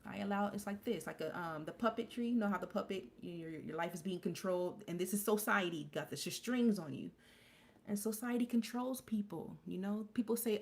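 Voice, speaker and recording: A woman's voice: medium pitch, brisk, darkish tone. A woman in her forties hosting a casual live stream, talking candidly and rambling with restarts and fillers. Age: 40s. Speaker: livestream host.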